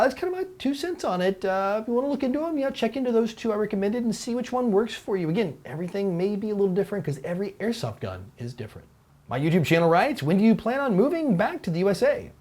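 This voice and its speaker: A man hosting a weekly Q&A show, answering viewer questions in a relaxed, rambling way with restarts. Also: a little high. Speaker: host. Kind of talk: casual Q&A chat. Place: Taiwan.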